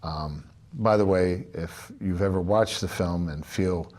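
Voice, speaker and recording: An older man giving a relaxed, chatty drum lesson, with many filler pauses. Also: deep voice. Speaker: drum instructor. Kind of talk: spoken music lesson.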